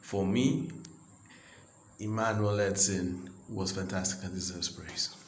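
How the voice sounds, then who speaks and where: A man voicing a male football manager who gives a measured, formal post-match interview. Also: low-pitched, fairly even intonation, a little hiss or hum. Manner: measured, formal press-conference delivery. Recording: roomy echo.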